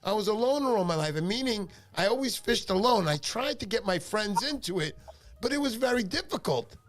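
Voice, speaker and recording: A man hosting a fishing livestream, chatting in an animated, joking, rambling way. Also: sits high, a little fast, soft background music. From New York. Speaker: livestream fishing show host. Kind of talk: casual livestream chat.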